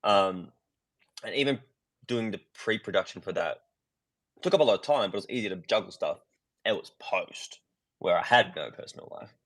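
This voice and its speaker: A young Australian man co-hosting a live fan-series Q&A, joking in a dry, deadpan way. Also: low voice, moderate pace, pauses often. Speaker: fan series co-host and VFX editor. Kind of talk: casual livestream chat.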